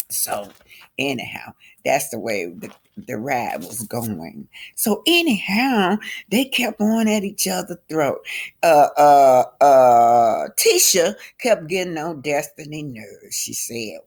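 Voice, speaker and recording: A woman's voice: sits low, sing-song, takes it slowly, darkish tone. A woman host chatting through a casual recap of a reality show, telling it like a story.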